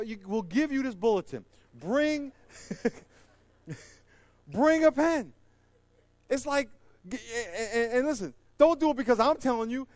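A middle-aged male pastor preaching a sermon. He swings between loud, high exhortation and hushed closing prayer. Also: no room sound.

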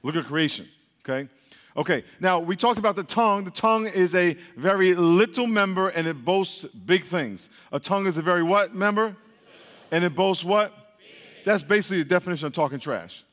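Preacher guy, bit high voice, keeps calling out stuff for the crowd to say back, big echoey hall. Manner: energetic, rapid call-and-response, repeating prompts. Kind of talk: sermon with call-and-response. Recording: long reverb of a hall.

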